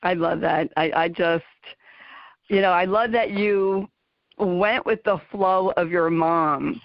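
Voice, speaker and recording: A woman's voice: lowish voice, slow pace, no room sound. Woman interviewer asking questions. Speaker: show host. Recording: dull lo-fi dry recording.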